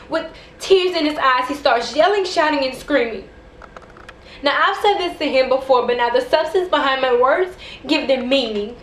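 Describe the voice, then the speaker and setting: High-pitched and slightly bright, a female poet gives a rhythmic, dramatic spoken word performance that rises to passionate intensity. Faint background noise and echo fill the room.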